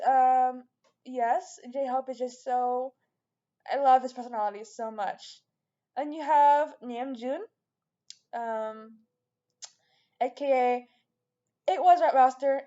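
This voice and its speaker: High-voiced chatty woman, dull lo-fi sound. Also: steady tone, slow pace, long pauses, warm tone. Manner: rambling, chatty, many fillers and restarts. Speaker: vlogger. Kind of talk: casual chat to camera.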